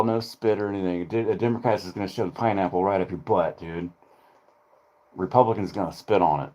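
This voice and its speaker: A man's voice: deep voice, fast, dark tone. A man ranting casually on his channel, rambling and profane. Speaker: streamer.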